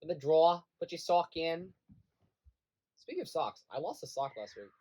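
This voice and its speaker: A man's voice: a little high, huge pitch swings, moderate pace, darkish tone, slightly rough. Goofy young man joking with friends. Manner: goofy, jokey, laughs often. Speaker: podcast co-host. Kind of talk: casual chat among friends.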